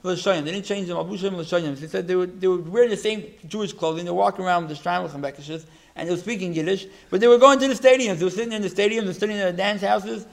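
A man giving a religious talk, telling a story in a halting way, with many restarts and repeated words. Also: sits high, gravelly. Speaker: religious teacher.

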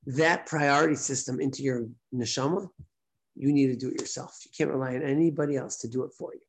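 A rabbi teaching his daily class speaks in a mid-range voice with vocal fry, captured on a low-quality recording. His lesson is casual and conversational, full of repeated points and rhetorical questions.

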